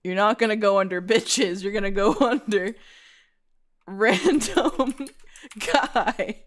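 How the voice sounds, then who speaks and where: A woman streamer chatting at an unhurried pace and breaking into giggles mid-sentence. She reads viewer entries aloud with playful drama, her voice sitting at an ordinary middle pitch. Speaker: VTuber streamer. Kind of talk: casual stream chat, reading viewer submissions aloud.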